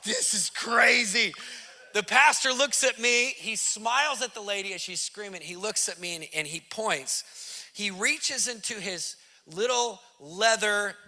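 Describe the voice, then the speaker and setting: High, forceful man telling a story. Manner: emphatic, vivid storyteller who repeats for effect; casual slang. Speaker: Christian activist telling a testimony. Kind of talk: animated testimony storytelling.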